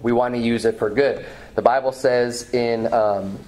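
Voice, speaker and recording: A pastor preaching a sermon in church, reading scripture aloud with some restarts and fillers. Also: male voice, medium pitch, fairly even intonation, unhurried, darkish tone. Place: church sanctuary.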